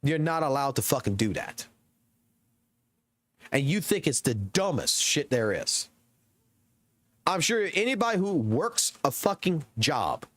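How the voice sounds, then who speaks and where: Guy in his 30s, streamer, riled-up profane rant, voice leaping around, slightly high, dry close sound. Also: no echo. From Southern United States. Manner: excitable, heavily profane ranting. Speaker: game streamer. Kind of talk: live-stream rant to chat.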